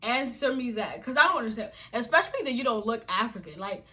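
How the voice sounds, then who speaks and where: A woman's voice: on the high side, expressive, quick pace, sharp tone. A woman from Nigeria vlogging to camera, exasperated and emphatic, firing off repeated rhetorical questions. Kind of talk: casual to-camera rant.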